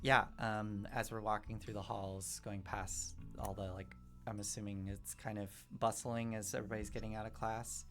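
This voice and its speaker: A woman's voice: a bass voice, flat delivery, normal speed, hardly any pauses, soft background music. A woman in a tabletop role-playing game, talking casually and hesitantly with many fillers and easy laughs. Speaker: player. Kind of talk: tabletop role-play chat.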